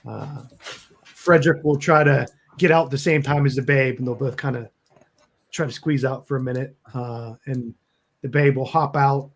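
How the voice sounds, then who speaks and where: A man's voice: mid-range voice, normal speed. A man narrating as game master, casual and stopping often to search for words.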